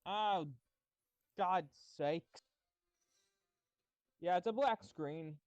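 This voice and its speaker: An excitable man swears and rambles through fillers on a group call. His voice comes through a dull phone mic, dry and lo-fi. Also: sits high, very slow, smooth, no echo. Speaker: friend on the stream call. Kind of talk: casual chat on a voice call.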